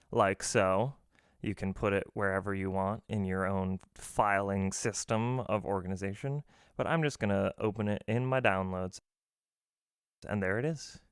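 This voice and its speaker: A man's voice: on the low side, smooth, no echo, clean studio sound. A man hosting a casual, jokey screen-recorded game development tutorial, walking through each step with self-deprecating asides. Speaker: game dev tutorial host.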